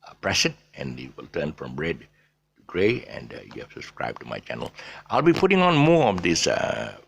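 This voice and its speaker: A man with a deep, low-pitched voice and a gravelly edge teaches pronunciation in a loose, unscripted way. He stops often for fillers and restarts, and spells out letters as he explains. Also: huge pitch swings, moderate pace. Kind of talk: casual pronunciation lesson.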